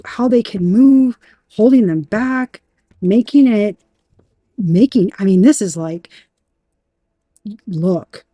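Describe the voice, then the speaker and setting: A woman giving a tarot reading in an emphatic, animated way, talking straight to the viewer and swearing now and then. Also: mid-range voice, no echo. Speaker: tarot reader.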